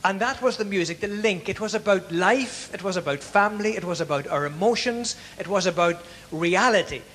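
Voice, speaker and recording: Here a Northern Irish, middle-aged man acts as compère, cracking jokes, paying tribute, and chuckling at his own punchlines in a chatty manner. He speaks fairly quickly in a high-sitting, fairly bright voice with a little hiss or hum in the audio. The echoey hall recording captures a live venue audience hearing his stage jokes and tribute speech.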